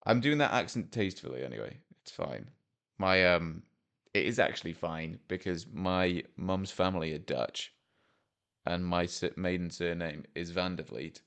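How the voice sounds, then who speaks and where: A man's voice: low-pitched, gravelly, fairly bright tone. A man from Wales giving rambling, jokey, self-deprecating commentary as a vlogger, full of fillers. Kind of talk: casual commentary over a map game.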